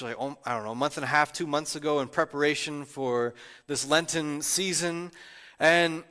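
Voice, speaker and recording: A man's voice: a little high, pushed and bright, big-room sound. A male pastor gives an emotional, personal sermon. He is close to tears and often restarts his sentences. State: tearful, near crying.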